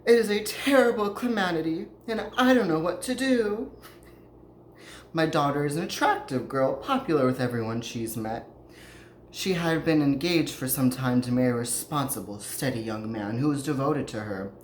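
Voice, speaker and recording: A podcaster gives a theatrical, pleading read as a distraught, anxious 1930s mother begging to get her daughter back, using a put-on accent. The natural voice is medium-pitched and pushed up, lively in intonation at normal speed. The recording has a roomy echo and faint noise.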